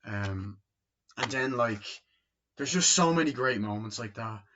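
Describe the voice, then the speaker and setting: A man's voice: medium pitch, expressive, unhurried, fairly bright tone. A man giving a casual, rambling spoken film review, full of fillers and swearing. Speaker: movie reviewer. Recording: dull lo-fi recording.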